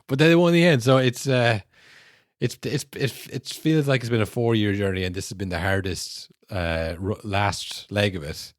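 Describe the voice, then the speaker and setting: A man co-hosting a podcast, talking football casually and animatedly, acting out fans' back-and-forth in quick asides. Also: fairly low pitch, no echo, studio quality. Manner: animated, mimics fans and rivals in quoted asides. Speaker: podcast co-host.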